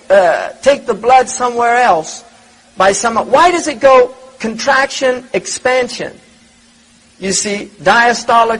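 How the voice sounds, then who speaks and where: Husky man giving a religious lecture. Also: very high voice, fairly bright tone, low-quality recording. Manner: reflective, repeats words and asks rhetorical questions. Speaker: Islamic lecturer.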